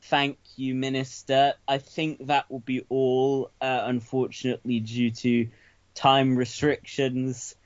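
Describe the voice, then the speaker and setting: A man's voice: mid-range voice, monotone, slow pace. Dry, stumbling British-born man. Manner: dry, stumbling, self-mocking. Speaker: podcast host. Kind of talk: casual comedy chat. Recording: dull lo-fi sound.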